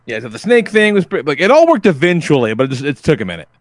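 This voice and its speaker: A man with a slightly higher voice co-hosts a casual podcast, telling stories with a lot of animation. His pitch swings widely as he goes. The sound is dry and close, with no room echo. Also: fast talker. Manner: animated storytelling, swearing. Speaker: podcast co-host. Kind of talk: casual chat.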